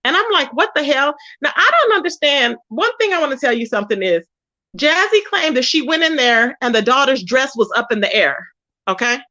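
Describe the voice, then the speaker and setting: A woman's voice: high-pitched, pushed and bright. A woman hosting a casual gossip commentary livestream, sassy and emphatic, often mimicking others in a raised voice. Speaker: YouTube commentary host. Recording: dull lo-fi sound.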